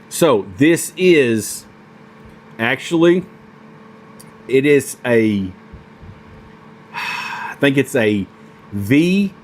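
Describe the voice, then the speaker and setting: Slow-talking, gushing male knife reviewer. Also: medium pitch, a little hiss or hum. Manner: excitable and gushing, with many fillers and restarts. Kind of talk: casual product review vlog.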